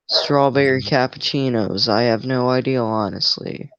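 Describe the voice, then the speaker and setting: A young man co-hosting a livestream, making dark jokes in a flat, deadpan way. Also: medium pitch, takes it slowly, no room sound, lo-fi sound. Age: teens or young adult. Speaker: livestream co-host. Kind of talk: casual livestream chat.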